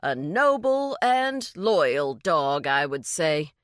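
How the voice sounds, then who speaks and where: A woman's voice: sits low, very animated, slow pace, dry recording, studio quality, exaggerated voice. A woman voicing Bennett, a pompous man who lectures his friends in a formal, know-it-all way. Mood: lecturing.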